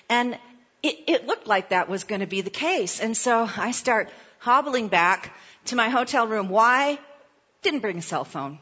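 A woman pastor giving a sermon, telling a personal story in a playful, animated way with asides. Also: a little high, unhurried, breathy edge, lo-fi sound.

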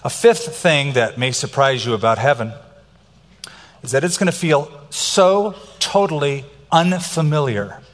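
Middle-aged male pastor, emphatic sermon delivery, slightly high voice, big reverberant hall. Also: expressive, measured pace. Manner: emphatic preaching, varies pace for effect.

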